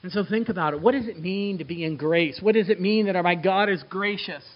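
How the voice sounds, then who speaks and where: A male pastor with a notably high voice delivers a sermon at a fairly quick pace, shifting from bright, excited exclamations to soft, hushed asides. The recording is somewhat dull and lo-fi.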